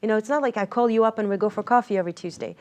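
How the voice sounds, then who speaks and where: A woman's voice: mid-range voice, very fast, darkish tone. A woman from Israel, an interview guest, telling a personal story earnestly and reflectively, with many fillers and restarts.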